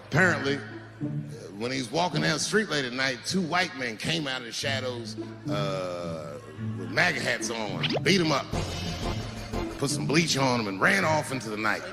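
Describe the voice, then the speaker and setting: A male comedian doing stand-up, telling a story in a punchy, animated way. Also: mid-range voice, normal speed, vocal fry, big-room sound, music in the background.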